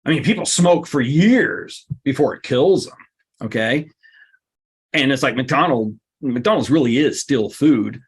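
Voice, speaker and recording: A man giving a lively seminar talk, emphatic and blunt, his voice leaping up on the points he stresses. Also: a little slow, slightly rough. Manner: emphatic and blunt, with sudden pitch jumps. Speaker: workshop speaker.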